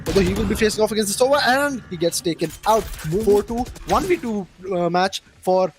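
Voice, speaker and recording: A high-pitched male caster calls a college esports match play by play, his voice jumping up in excitement on big moments. A faint hiss of noise sits under his voice. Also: brisk, few pauses. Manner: excitable, rises sharply on big plays. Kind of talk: play-by-play commentary.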